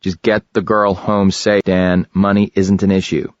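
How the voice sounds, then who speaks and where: A man voicing a smooth West Coast boss. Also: deep voice, level tone, a little slow, no echo. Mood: urgent. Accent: West Coast American. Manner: smooth, tight and serious. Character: tough American male agency boss, urgent. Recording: dry, slightly dull audiobook recording.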